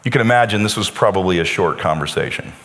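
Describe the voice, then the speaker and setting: A pastor preaching a sermon, telling a story with dramatic pauses and acting out quoted lines. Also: male voice, low voice, lively intonation, vocal fry, fairly bright tone. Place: church sanctuary. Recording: church hall with long reverb.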